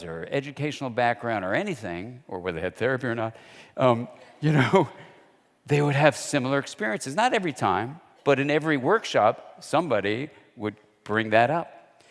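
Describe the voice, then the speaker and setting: A man giving a lecture in a conversational, storytelling way. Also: mid-range voice. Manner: conversational storyteller, acts out quoted dialogue. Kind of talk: lecture with anecdotes. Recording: long hall reverb.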